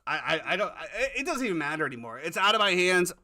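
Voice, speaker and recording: A man's voice: high voice, very animated, fast, pushed and bright. A man hosting a casual sports talk podcast, ranting with plenty of profanity. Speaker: podcast host.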